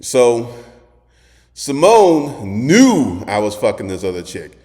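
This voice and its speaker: A man telling a crude personal story in a casual monologue, animated and acting out quotes as he goes. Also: medium pitch, takes it slowly, long reverb tail. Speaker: host.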